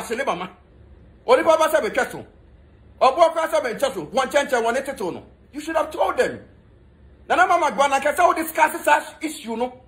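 An entertainment commentator with a Ghanaian accent speaks in an extremely high-pitched, fairly bright voice. He delivers mocking, scolding gossip commentary, switching between Twi and English.

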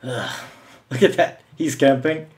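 Speaking slowly in a medium-pitched, darkish voice, this young gameplay commentator narrates an online shooter match live. He's angry, curses frequently, and taunts the other players mockingly.

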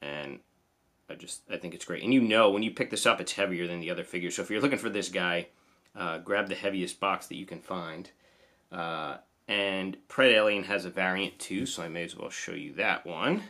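A man's voice: deep voice, moderate pace, pushed and bright. A man with a New Jersey accent casually reviewing toy figures, chatty and enthusiastic. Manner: enthusiastic, chatty, lots of "awesome".

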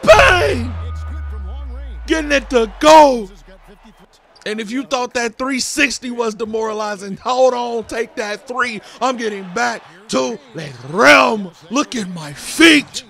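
A man calling his own basketball game with cocky trash talk, his high voice grainy with fry. He has a bright, sharp edge and keeps breaking into sing-song lines. Faint music plays underneath. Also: animated, slow pace. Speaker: gaming YouTuber. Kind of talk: hyped gameplay commentary.

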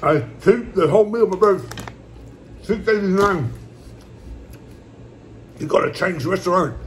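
A man in a casual home eating vlog, rambling along in a relaxed, repetitive way as he talks to his viewers. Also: high voice, normal speed, slight background noise. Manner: laid-back, rambling, repeats "my brothers" and "puppy". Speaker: mukbang vlogger. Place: at home, indoors.

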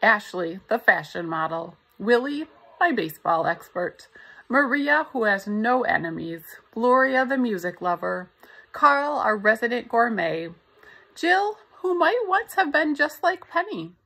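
A woman reading a novel aloud in the first person, in a steady storytelling manner. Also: on the high side, a little slow, gravelly, husky, rough recording. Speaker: audiobook narrator.

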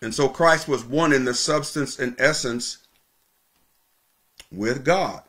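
A man preaches from the pulpit in a steady mid-range voice. He teaches with emphatic repetition, drawing out important words slowly to drive them home. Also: mid-range voice. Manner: emphatic teaching, repeating key phrases, slowing for stress. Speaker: pastor. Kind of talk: sermon.

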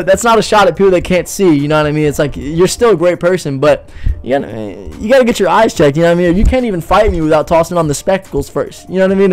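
Young guy rambling to his stream chat, kinda high voice, faint music behind. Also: darkish tone. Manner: joking, rambling, reads and answers chat, says "bro" and "you know what I mean". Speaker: livestream podcast host. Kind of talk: casual livestream chat.

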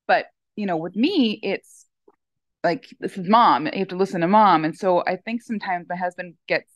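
A middle-aged woman chatting in an interview, telling animated stories with lots of fillers. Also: fairly low pitch, normal speed, no room sound, highs cut off. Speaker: dog owner guest. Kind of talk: casual interview chat.

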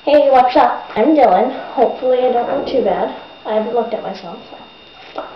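A teenage girl vents to her webcam from a bedroom desk, her voice bright and fairly high. She rants with exasperation and slips into mocking voices. The sound is dull and roomy, with a faint hiss behind her. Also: normal speed. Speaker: vlogger. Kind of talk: casual ranting vlog.

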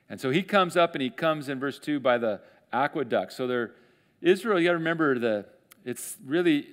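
A man teaching the Bible in church, with casual, lively talk. He slips into acted voices for the people in the story. His pitch sits in an ordinary middle range. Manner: conversational, animated, acts out quotes with voices. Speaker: pastor. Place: church sanctuary.

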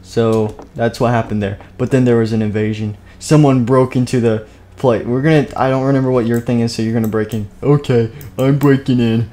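A man's voice: mid-range voice, steady tone, a little fast, warm tone, a little hiss or hum. Rambling, goofy young man streaming. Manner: rambling, self-interrupting, goofy. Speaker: streamer narrating a game role-play. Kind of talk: live-stream game narration. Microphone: desk microphone.

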